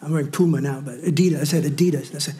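A man preaching a sermon as a pastor, calling out to his congregation, mixing humor and asides, and rising to near-shouting on his declarations. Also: a little high, fairly even intonation, racing. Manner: preaching with call-and-response asides and wry humor.

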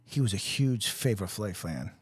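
A man's voice: fairly low pitch, moderate pace, husky, no echo. A man co-hosting a casual podcast, telling profane army stories and acting out the people in them. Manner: profane, animated storyteller acting out quotes. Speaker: podcast co-host. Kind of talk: casual storytelling chat.

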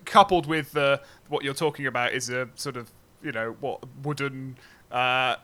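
A man hosts a casual interview. His voice sits fairly high and has a bright, sharp ring. He stammers on his questions and laughs easily. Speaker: podcast host.

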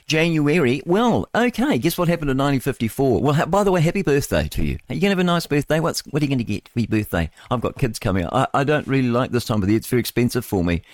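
A man's voice: medium pitch, very animated, fast talker, hardly any pauses, no room sound, studio quality. A man with a New Zealand accent hosting a casual morning radio show, rambling and interrupting himself with chuckling asides. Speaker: radio host. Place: radio studio.

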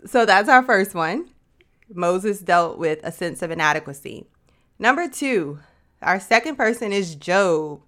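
A woman with a somewhat low voice hosts a faith podcast. She teaches the Bible in a relaxed, conversational way, with slangy asides and frequent "you know"s, speaking straight to the listener. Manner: chatty, addresses listener as sis, slangy asides. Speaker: podcast host. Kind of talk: casual Bible teaching talk.

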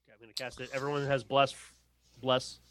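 A man's voice: medium pitch, level tone, fast talker, a bit bright. A man playing a tabletop game, chatting casually and eagerly. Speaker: player.

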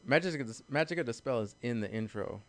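A man co-hosting a casual chat, talking in crude, quick bursts and restarting his sentences. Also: mid-range voice, expressive. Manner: fast, crude, cuts himself off and restarts.

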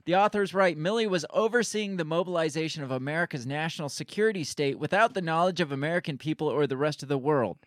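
A man's voice: a little high, fast, hardly any pauses, dry recording, studio quality. A man co-hosting a podcast, reading news excerpts aloud and riffing on them in casual, profane commentary. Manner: reads news excerpts aloud, then riffs with laughter and swearing. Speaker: podcast co-host.

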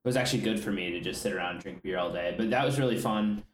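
A man's voice: on the low side, rapid-fire, roomy sound, slight background noise. A man co-hosting a podcast, talking easily in casual chat. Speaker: podcast co-host.

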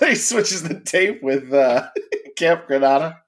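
A man in casual chat, animated, often quoting lines in put-on voices. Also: on the high side, takes it slowly, a little hiss or hum. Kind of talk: casual chat about TV shows.

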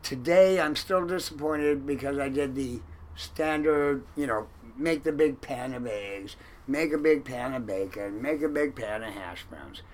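A man telling a long story in an interview about his time as a fishing boat cook, animated and acting out the lines of others. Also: medium pitch, a little slow, low-quality recording. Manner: animated, acts out quoted lines loudly.

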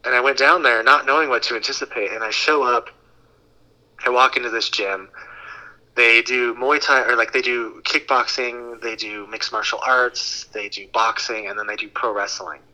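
A man in his thirties, a podcast guest, telling a long story in a casual, animated way and acting out the voices he quotes. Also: mid-range voice, normal speed, poor audio. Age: 30s.

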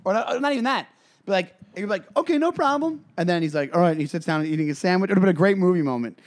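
A man co-hosting a casual comedy podcast, animated and filler-heavy, acting out little scenes as he talks. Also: high voice, rapid-fire. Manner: animated, acts out scenes with voices, many fillers. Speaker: podcast co-host.

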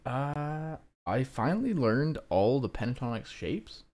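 A young man co-hosting a podcast, telling stories in an animated way and saying "like" often. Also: medium pitch, a little slow. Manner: animated storyteller, many fillers like "like". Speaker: podcast co-host. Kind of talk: casual chat.

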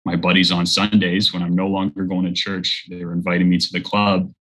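A man's voice: deep voice, level tone, brisk, fairly bright tone, low-quality recording. A man in his thirties earnestly telling a personal faith story as an interview guest. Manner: earnest storytelling, acts out quoted voices. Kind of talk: personal testimony in conversation.

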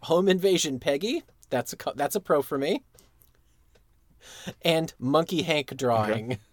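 A man's voice: a little high, lively intonation, a little slow, no room sound. A man co-hosting a podcast, laid-back and jokey, laughing often. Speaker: podcast co-host. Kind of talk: casual chat.

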